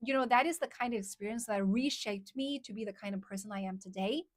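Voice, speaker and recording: Talking fast in a mid-range voice, this young Mandarin-speaking woman from China answers viewers on a relaxed livestream, repeating phrases often and mixing English with Mandarin. The audio is studio quality with no echo.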